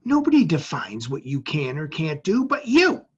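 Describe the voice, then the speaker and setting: A man voicing his stern, determined mother, who speaks low and intense. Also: huge pitch swings, moderate pace, husky, exaggerated voice. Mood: fierce. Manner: hushed, intense, then sharp. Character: fierce determined mother, middle-aged. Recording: dull lo-fi sound.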